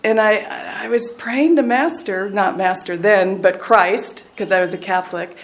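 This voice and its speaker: A woman in her sixties from the United States, a spiritual teacher giving a devotional talk with a personal story, earnest and dropping to a soft hush at tender moments. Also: mid-range voice, measured pace, few pauses.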